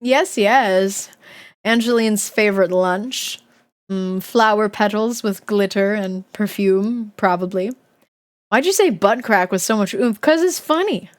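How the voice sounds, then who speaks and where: A woman's voice: medium pitch, measured pace. A woman streamer reading a children's book aloud to her live chat, often breaking off to giggle and make chatty asides.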